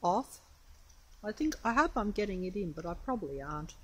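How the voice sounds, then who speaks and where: A woman's voice: medium pitch, sing-song, brisk, a bit bright, rough recording. An Australian woman narrating a casual phone video outside on a windy, rainy street, talking in a hesitant, rambling, wary way. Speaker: vlogger. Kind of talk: casual filmed commentary. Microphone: mobile phone camera.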